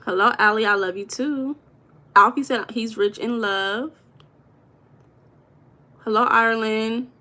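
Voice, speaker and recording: A woman's voice: a little high, fairly even intonation, unhurried, pauses often, pushed and bright. A woman hosting a live stream, chatting casually and reading viewers' comments aloud with an affectionate manner. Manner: affectionate, calls viewers baby.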